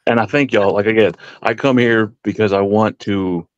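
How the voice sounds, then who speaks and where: A man's voice: on the low side, steady tone, normal speed, no echo, muffled recording. A man on a podcast panel talking casually, rambling and heartfelt, stammering and swearing as he goes. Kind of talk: casual chat.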